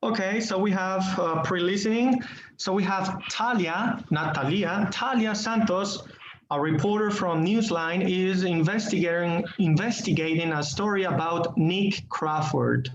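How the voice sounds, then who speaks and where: A man teaches English over a video call. His voice sits high and he talks slowly and patiently, repeating key words. The sound is roomy and a little dull. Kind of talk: online class lesson.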